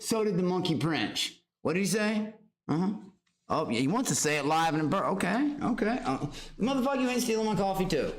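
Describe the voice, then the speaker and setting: Brief: male streamer, raised pitch, rowdy, profane banter, roomy echo. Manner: loud, excitable, swearing, talks to his pet monkey and chat. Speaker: livestream host. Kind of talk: casual livestream chat. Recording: roomy echo, faint background noise.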